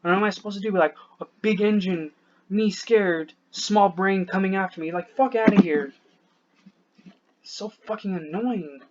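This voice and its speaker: A man with a fairly high voice rants into a dull, lo-fi recording. He sounds short of breath and worn down, rambling, breaking off mid-thought and cursing often. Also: moderate pace, background noise. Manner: frustrated, rambling, swears a lot, trails off. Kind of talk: venting to camera.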